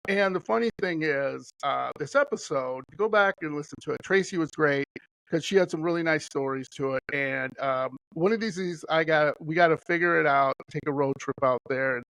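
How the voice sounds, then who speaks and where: A man's voice: on the high side, normal speed, gravelly, fairly bright tone, no room sound, rough recording. A middle-aged man as a podcast guest, chatting casually in a rambling, enthusiastic way with lots of fillers. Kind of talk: casual chat.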